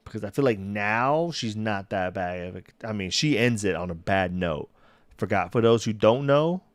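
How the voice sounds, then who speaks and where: A man's voice: fairly low pitch, animated, normal speed, no room sound. A young man chatting casually on a solo livestream, rambling, restarting sentences and laughing at himself. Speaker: streamer. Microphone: desk mic.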